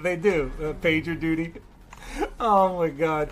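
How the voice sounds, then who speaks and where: A woman streamer in casual chat, laughing hard and exclaiming excitedly. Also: mid-range voice, moderate pace, music in the background.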